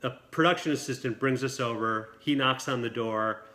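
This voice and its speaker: Dude telling a wild set story fast and lively, bright sharp voice. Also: male voice, medium pitch. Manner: quick, lively storytelling with acted quotes. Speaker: film director, guest. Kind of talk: animated anecdote telling. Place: dinner party table.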